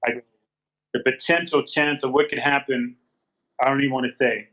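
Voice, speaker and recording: A man's voice: medium pitch, flat delivery, brisk, pushed and bright, low-quality recording. A man telling a personal story in a candid interview, earnest and repeating his phrases as he quotes past conversations. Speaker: guest.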